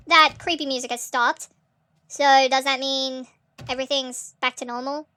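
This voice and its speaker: Bright, excitable gaming host woman. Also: high-pitched, moderate pace. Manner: chatty, excitable reactions with nervous laughs. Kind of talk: let's play commentary.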